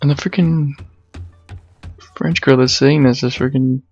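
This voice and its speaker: A man doing let's play commentary, excitable, swearing and yelping when startled. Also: medium pitch, measured pace, slightly rough, dull audio, soft background music. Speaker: gamer.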